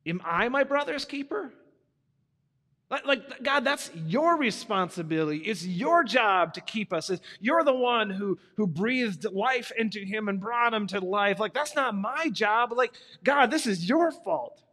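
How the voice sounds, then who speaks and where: A man's voice: sits high, animated, a little slow, pushed and bright, full character voice. A man acting out a jealous, angry older brother who pleads and then turns defensive, in an echoey hall.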